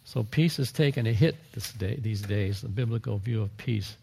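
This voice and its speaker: A man's voice: on the low side, normal speed, creaky, a little mellow, slightly rough, in a large hall. A man pastor preaching a sermon, talking in a conversational way with asides and small chuckles.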